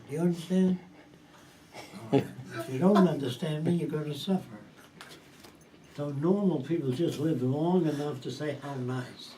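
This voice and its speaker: A man's voice: a little high, mellow. A man giving an informal talk to a small group. He speaks in a blunt, profane, emphatic way and keeps asking whether his listeners understand. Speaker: lecturer. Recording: distant mic with faint background hiss.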